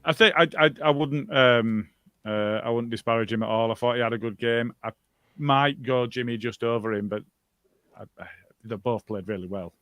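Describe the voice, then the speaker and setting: Brief: male podcast host, halting with fillers, dry close mic. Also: medium pitch, a bit bright, no echo. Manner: hesitant, many ums, reads listener comments. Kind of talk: casual football chat.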